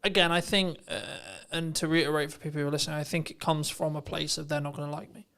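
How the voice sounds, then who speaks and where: This is a podcast host in casual interview chat. The voice sits at a middling pitch, and the host is emphatic and conversational, dropping in quick asides to press a point home. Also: fairly even intonation, creaky, fairly bright tone.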